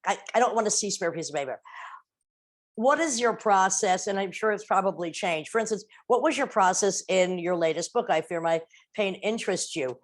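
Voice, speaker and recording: A woman's voice: medium pitch, lively intonation, moderate pace. Talkative female podcast host, mid-range voice, interrupts and laughs freely. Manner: chatty, interrupts warmly, laughs often. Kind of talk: casual interview chat.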